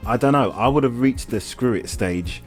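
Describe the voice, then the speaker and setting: A man's voice: mid-range voice, moderate pace, soft background music. A man co-hosting a comedy podcast, telling a story in a laid-back way and acting out the quotes. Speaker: podcast co-host. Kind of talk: casual comedic chat.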